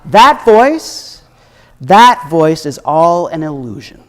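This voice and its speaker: A man preaching a sermon as minister, reflective and gently humorous, his voice at times dropping soft. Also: fairly high pitch, big pitch swings, takes it slowly. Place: church sanctuary. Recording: echoey hall with long reverb.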